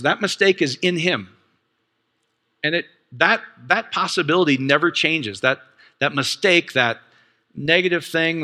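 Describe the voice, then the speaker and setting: Man, preacher, teaching sermon, animated, conversational, very bright tone. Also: medium pitch, long reverb tail. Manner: animated, excited, conversational, quotes others.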